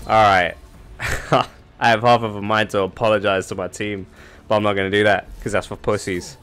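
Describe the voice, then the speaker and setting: A man giving casual, profane gameplay commentary, self-mocking, and swinging from loud outbursts to low mutters. He has just woken up and has a sore throat. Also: little pitch movement, moderate pace, clean tone. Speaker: gamer streamer.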